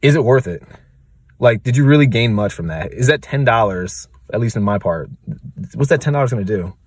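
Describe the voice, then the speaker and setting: A man's voice: medium pitch, expressive, a little fast, slightly rough, dry recording, clean studio sound. A young man from the United States ranting casually in a vlog, rambling with lots of fillers. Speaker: real estate advisor vlogger.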